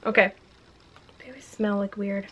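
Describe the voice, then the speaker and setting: A young woman vlogging a makeup unboxing at home in a chatty, excitable, self-mocking way. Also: medium pitch, moderate pace, a little hiss or hum. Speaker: beauty vlogger. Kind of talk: casual unboxing vlog. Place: home room with a ring light.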